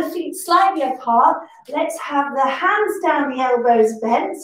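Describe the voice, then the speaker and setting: Young female pilates teacher, high voice, slightly out of breath, heard from across a very reverberant room. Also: expressive, a little slow. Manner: breath-cued, encouraging counting. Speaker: pilates instructor. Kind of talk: guided workout instruction. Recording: echoey room, distant mic.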